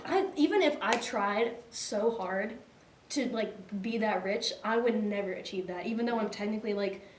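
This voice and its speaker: A woman's voice: a little high, a little mellow, slight background noise. A young woman co-hosting a casual chat show, rambling with lots of fillers and laughing easily. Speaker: co-host. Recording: echoey room, mic at a distance.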